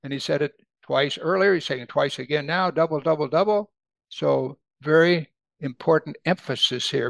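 A man preaching a conversational sermon who grows animated when he quotes scripture. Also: on the high side, normal speed, gravelly, no echo. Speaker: pastor.

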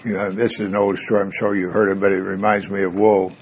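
A man teaching a Bible study sermon, reading scripture slowly and emphatically, then explaining it in a folksy, conversational way with jokes and asides. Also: sits low, flat delivery, breathy edge. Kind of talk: expository sermon.

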